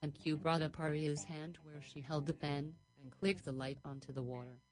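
A woman tells an improvised story on the radio, her voice pitched low. She rambles dreamily from one long sentence into the next. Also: fairly even intonation, normal speed, rough recording.

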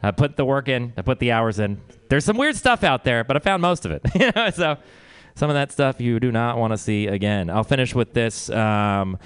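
A man doing stand-up at a live comedy venue. His voice is mid-pitched and very smooth. He rambles and mocks himself. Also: animated, normal speed. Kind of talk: stand-up set.

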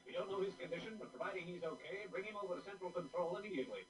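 A man's voice: high voice, expressive, very fast. A man voicing a male commander who barks urgent orders in clipped tones, as 1960s puppet film dialogue. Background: film music score.

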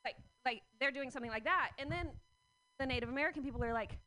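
Woman stand-up comic, high voice, scattered and giggly, dry close mic. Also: quick pace, bright, forceful tone, no room sound. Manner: rambling, self-interrupting, laughing mid-joke. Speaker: stand-up comedian.

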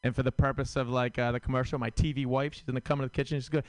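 A man's voice: medium pitch, steady tone, very fast, few pauses, smooth, no room sound. A man doing a stand-up set, rambling and self-deprecating, with lots of fillers. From Rhode Island. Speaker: stand-up comedian. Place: comedy club stage.

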